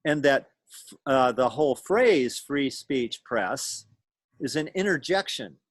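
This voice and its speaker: A male teacher explains a point step by step to his class. He sounds patient and thinks aloud as he goes, at an ordinary middle pitch. He comes through a video call with a dry, close sound and no room echo. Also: animated, slow pace. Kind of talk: lecture to a class.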